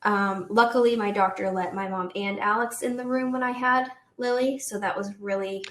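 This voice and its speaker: A woman in her twenties telling a story in a casual chat, animated and full of "like"s and laughs. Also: medium pitch, moderate pace, roomy sound. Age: 20s. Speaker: guest, host's daughter.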